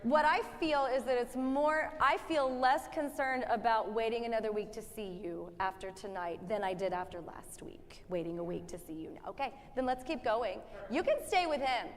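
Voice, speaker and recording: A woman's voice: fairly high pitch, normal speed, few pauses. A woman directing a choir rehearsal, joking with the singers and demonstrating sung phrases as she coaches. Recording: long hall reverb with faint music.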